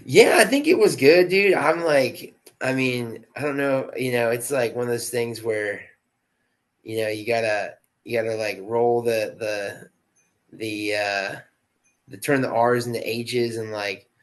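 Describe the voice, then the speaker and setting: A man's voice: mid-range voice, measured pace, low-quality recording. A man, an actor guest on a podcast, talking in a laid-back, slangy way with lots of "dude" and "like.". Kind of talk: casual interview chat.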